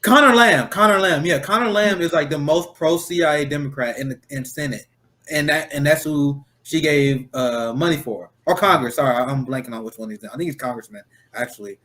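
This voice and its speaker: Midwestern male host, high voice, blunt and profane, rambling casual talk. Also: fairly quick, fairly bright tone. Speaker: roundtable host. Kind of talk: casual political chat.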